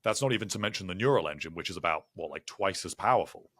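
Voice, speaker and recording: A man co-hosting a tech podcast, explaining things in a measured, informative way. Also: deep voice, animated, a bit bright, slightly rough, no room sound. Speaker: podcast co-host. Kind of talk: casual tech chat.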